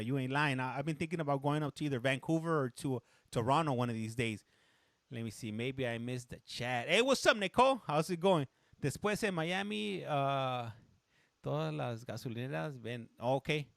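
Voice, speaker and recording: On the high side with a sharp tone, this man's voice is recorded dry and at studio quality. He hosts a casual stream, telling a chatty, wandering story while regularly stopping to greet viewers and answer chat, briefly dropping into Spanish from time to time.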